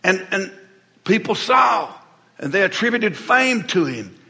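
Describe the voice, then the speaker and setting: Casual folksy pastor, bright forceful voice, chatty sermon in a big echoey hall. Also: male voice, sits high, sing-song, measured pace, gravelly. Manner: conversational, folksy, repeats words while preaching. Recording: hall reverb.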